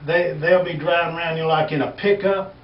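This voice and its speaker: A man's voice: fairly high pitch, steady tone, brisk. A man from Texas with a West Texas accent, telling folksy jokes in a rambling, drawling way and chuckling as he goes. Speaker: comedian. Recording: echoey, distant, dull lo-fi recording with faint hiss.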